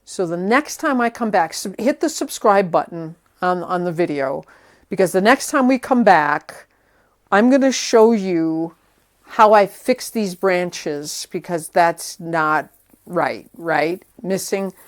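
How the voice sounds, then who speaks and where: Restoring a vintage tree, this woman talks herself through the work in a fairly low, expressive voice, taking her time. Her how-to narration is casual, chatty, and a bit nervous.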